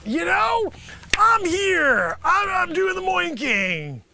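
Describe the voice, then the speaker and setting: Hosting a live improv comedy show, a very animated man speaks at a slow pace, rambling through a pitchman bit and addressing an imagined panel, occasionally erupting into shouts. Music plays in the background.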